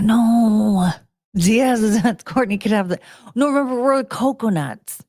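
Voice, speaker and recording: A woman hosting her own show, chatting casually with viewers and cooing to her dogs in soft baby talk, laughing often and trailing off mid-sentence. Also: on the high side, measured pace.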